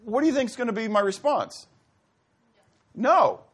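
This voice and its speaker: Expressive and a little slow, a male pastor preaches in a relaxed, conversational way, his voice slightly rough. He frequently asks the congregation questions, acts out brief dialogues, and sometimes lets his voice drop low and soft.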